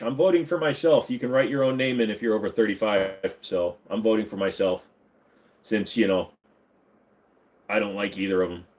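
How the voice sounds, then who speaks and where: A man's voice: on the low side, darkish tone. A man hosting a casual livestream from his home computer room, reading chat questions aloud and answering them in a rambling, joking way.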